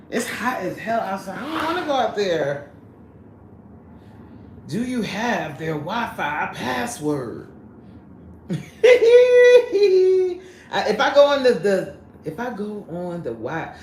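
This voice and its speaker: This streamer, a chatty woman with highly animated pitch, greets her live viewers eagerly and laughs often during a casual chat, set in an indoor room at her workplace. Roomy echo and faint background noise color the sound.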